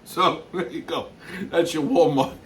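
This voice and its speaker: A man's voice: on the high side, steady tone, a little slow, fairly bright tone, recorded from a distance, slight background noise. A man hosting a show, ranting with lots of profanity and exasperation about a video clip, laughing in between. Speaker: host.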